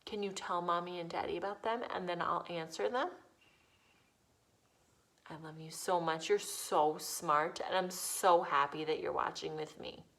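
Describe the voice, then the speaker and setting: A woman's voice: on the low side, steady tone, a little slow, fairly bright tone. A woman teacher leading young children through a movement lesson, encouraging and sing-song. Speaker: preschool teacher. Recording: echoey room.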